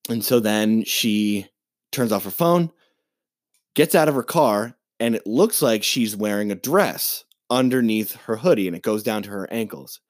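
A man co-hosting a podcast, ranting in a casual, profane and animated way as he retells a movie plot. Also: fairly low pitch, a little slow, no room sound, clean studio sound. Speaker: podcast co-host. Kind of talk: casual chat.

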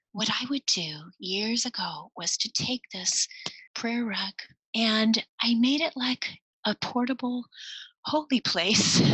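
Soft-spoken, husky middle-aged woman. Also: medium pitch, no room sound, poor audio. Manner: soft-spoken, sometimes drops to a whisper. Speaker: speaker to cross-cultural workers. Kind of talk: reflective devotional talk.

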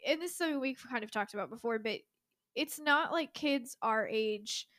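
Podcast co-host, woman in her 20s, chatty and giggly, slightly high voice. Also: normal speed, fairly bright tone, no room sound, studio quality. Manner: chatty, giggly, many "like" fillers. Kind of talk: casual chat.

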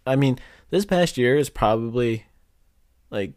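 A man's voice: medium pitch, animated, measured pace, darkish tone, no room sound, clean studio sound. A young man in casual chat, laid-back, laughing as he talks and swearing now and then.

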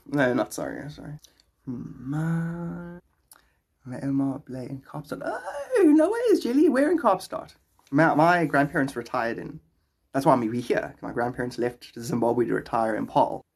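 A man's voice: mid-range voice, slightly rough. A young South African man chatting casually with his live stream viewers, rambling and laughing often.

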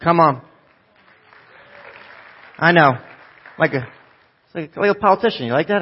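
A man preaching a live sermon to a church congregation, joking and swinging from loud bursts to soft, low asides. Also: lively intonation, normal speed, lo-fi sound, a faint crowd. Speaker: pastor.

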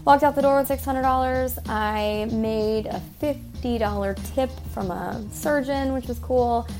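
A woman's voice: measured pace, hardly any pauses, darkish tone, faint music behind. Woman venting about her dancing job, cusses a lot, voice jumps up when shes annoyed. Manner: profane, exasperated, swearing often; ranting with sudden pitch jumps. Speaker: exotic dancer telling a work story. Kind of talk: casual storytelling monologue.

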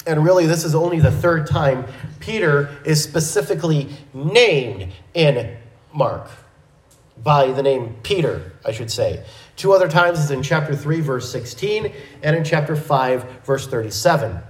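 A man teaching a verse-by-verse Bible lesson in a measured, methodical way, with small restarts. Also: fairly high pitch, expressive, roomy sound, low-quality recording.

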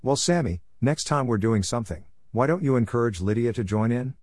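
A man's voice: mid-range voice, animated, brisk, a little mellow, no echo, clean studio sound, close to an everyday voice. A man reading a story, voicing a patient but firm grandmother on a camping trip.

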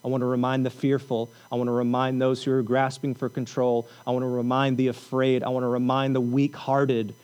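A man preaching a sermon, repeating lines for emphasis and telling the story with animated energy. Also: mid-range voice, brisk, few pauses, clean tone, rough recording. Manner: repetitive, emphatic preaching with rising intensity. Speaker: pastor.

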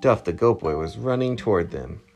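Gravelly low-voiced dad reading aloud. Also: male voice, normal speed, faint music behind. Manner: lively, expressive reading. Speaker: parent reading to his child. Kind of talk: bedtime story read-aloud.

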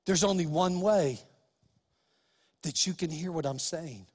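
A man's voice: fairly high pitch, a little slow, a little mellow, long reverb tail. A pastor preaching a sermon, emphatic and speaking straight to his listeners with rhetorical questions.

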